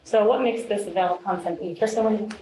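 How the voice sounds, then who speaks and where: A woman's voice: mid-range voice, very fast. A woman reading specialist leading a classroom demonstration, upbeat and full of praise for her students. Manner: upbeat, encouraging, frequent praise. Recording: echoey room, faint noise.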